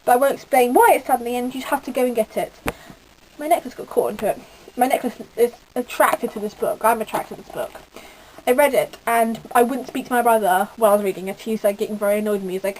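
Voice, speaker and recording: A woman's voice: a little high, fast, a little hiss or hum, rough recording. Gushing teenage girl reviewing a book. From United Kingdom. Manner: gushing, rambling with many fillers. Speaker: book vlogger.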